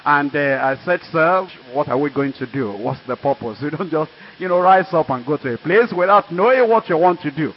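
An older Nigerian man tells his testimony from the pulpit, earnest and emphatic. His voice sits high for a man. The recording is dull and lo-fi. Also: animated, a little fast, hardly any pauses, slight background noise. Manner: earnest storytelling with emphatic asides. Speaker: preacher. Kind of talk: sermon testimony.

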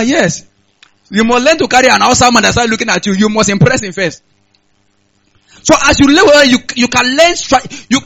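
A man's voice: very high-pitched, sharp tone, low-quality recording. A man with a Nigerian accent preaching a sermon on stage, repeating his points and asking the audience to answer back. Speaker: pastor. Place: church hall, on stage.

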